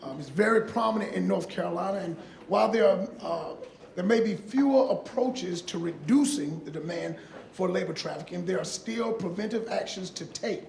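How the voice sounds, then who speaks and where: A woman's voice: lowish voice, normal speed, gravelly, darkish tone. A woman introducing speakers at a conference in a casual, chatty way. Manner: casual, chatty, addresses audience as y'all. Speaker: conference moderator. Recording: echoey room with faint noise.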